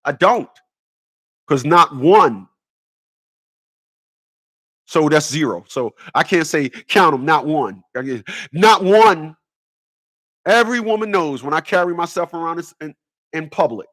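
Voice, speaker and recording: A man's voice: fairly high pitch, animated, unhurried, pauses often, a bit bright. A man ranting in a rambling comedic monologue, stammering and repeating words as he goes. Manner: stammers and repeats words, laughs at own jokes. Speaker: vlogger.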